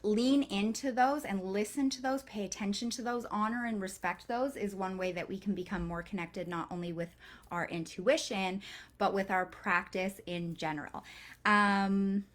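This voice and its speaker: A woman's voice: medium pitch, steady tone, normal speed. Woman, workshop leader recording at home on a computer mic, casual, rambling delivery with fillers and the odd curse. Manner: casual and chatty, loose with swearing; rambling, with frequent fillers and restarts. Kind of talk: live online workshop lesson.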